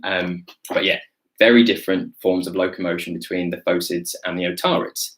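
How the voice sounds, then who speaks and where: A young man with a fairly low voice teaches a live online wildlife lesson. He is chatty and enthusiastic, and he stops to pick up viewer questions along the way. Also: steady tone, fairly quick, a bit bright, rough recording. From Britain.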